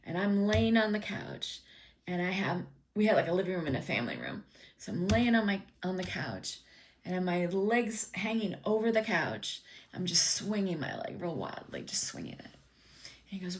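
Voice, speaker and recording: A woman's voice: on the low side, big pitch swings, normal speed. A woman telling a personal story in a casual, meandering way, with many ums, acting out her father's lines.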